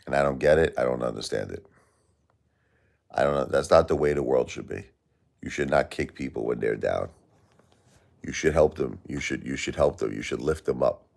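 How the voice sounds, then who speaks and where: A man's voice: very deep voice, normal speed, gravelly, pauses often, darkish tone. A grieving man hosting a live stream, talking in an aggrieved, plaintive, repetitive way and answering chat. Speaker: livestream host.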